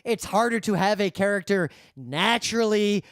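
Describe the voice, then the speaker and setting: A man co-hosting a podcast, explaining points in a measured, explanatory way into a studio microphone. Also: high voice, a bit bright, dry recording. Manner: measured, explanatory, adapts his talk for the microphone. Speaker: podcast co-host. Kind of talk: casual discussion.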